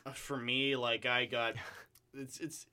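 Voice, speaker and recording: A man's voice: medium pitch, little pitch movement, slow, sharp tone, smooth. A man talking as an actor guest in a casual chat, telling anecdotes in a chatty way with many fillers.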